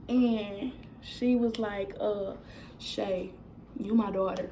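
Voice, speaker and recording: Young woman, vlogger, animated storytelling, mellow tone. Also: mid-range voice, slow pace, a little hiss or hum, rough recording. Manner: casual, animated retelling with quoted dialogue. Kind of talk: storytime vlog.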